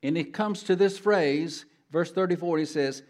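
A middle-aged man preaching a sermon as a guest speaker in church, emphatic and swinging between quiet and loud. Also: a little high, moderate pace, few pauses. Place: church sanctuary.

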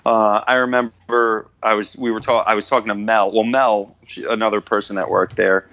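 Bright-voiced man in crude banter. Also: on the low side, level tone, normal speed. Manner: laid-back, crude joking banter. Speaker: podcast co-host. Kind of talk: casual chat. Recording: dull lo-fi sound.

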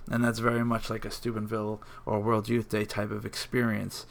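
Guy with a low voice, campus minister on a podcast, lots of um and like. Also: completely flat delivery, vocal fry. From New York area. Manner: halting, many fillers and restarts. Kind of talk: casual podcast chat.

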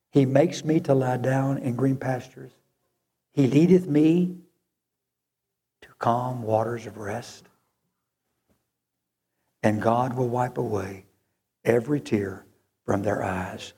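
A man's voice: mid-range voice, dark tone, slightly rough. A male preacher delivering an earnest sermon that rises to fervent moments. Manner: slow, earnest, rising to fervent.

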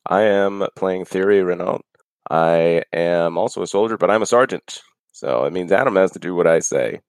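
A man with a very low, deep voice describes his character at a tabletop game. He delivers his jokes deadpan. The sound is dry and close. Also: moderate pace, clear, resonant tone, no echo. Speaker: player. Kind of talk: casual tabletop game chat.

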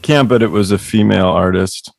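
A man's voice: lowish voice, brisk, gravelly, darkish tone, dry recording. Rambling, cussing male storyteller. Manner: rambling, profane, laughing storyteller. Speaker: author guest. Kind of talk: casual storytelling chat.

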